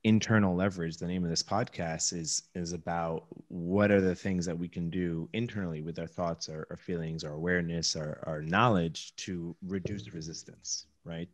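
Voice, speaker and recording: A man's voice: sits low, steady tone, normal speed, hardly any pauses, no echo. A man hosting a podcast interview, thoughtful and searching for his words as he asks questions. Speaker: podcast host.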